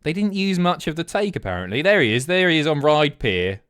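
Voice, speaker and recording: A man's voice: on the high side, very animated, a little fast, a bit bright, clear, resonant tone. A man streaming, casually commenting on TV clips with a lot of swearing.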